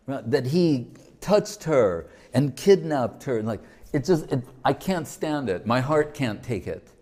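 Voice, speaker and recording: A grieving male devotee, weeping as he speaks, his words coming out slow and halting. A man acts him out within a spoken story. He drags each phrase out, as if he can barely get the words past his tears. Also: medium pitch, a little mellow.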